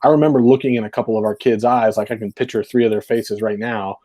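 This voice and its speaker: Fast and dark-toned, with a fairly low pitch and fairly even intonation, this podcast co-host recounts his football coaching past. The conversation is casual and rambling, full of fillers such as "like" and "right."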